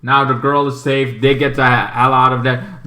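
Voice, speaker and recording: A man giving a casual movie review, rambling and excitable, with many fillers. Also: mid-range voice, normal speed, echoey room.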